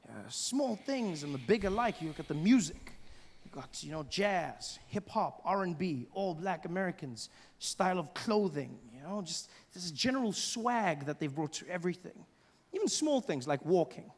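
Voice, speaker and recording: A man from Africa performing stand-up comedy, animated and mimicking voices, recorded live on stage. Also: high-pitched, normal speed, breathy edge, in a large hall. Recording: live show with loud crowd. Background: audience laughter.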